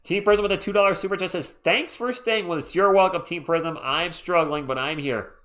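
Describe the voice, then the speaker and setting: A sleepy man streams casual live play-by-play of a sports game, chatting easily with viewers between plays and giving chat shout-outs. His voice sits high and is a bit bright, at a normal speed.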